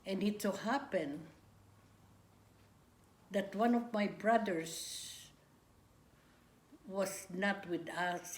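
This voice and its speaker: An older woman, recalling her memories in an interview, talking haltingly with restarts and pauses. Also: lowish voice. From Philippines. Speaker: grandmother recounting wartime memories. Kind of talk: oral history interview. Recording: echoey room, faint ambience.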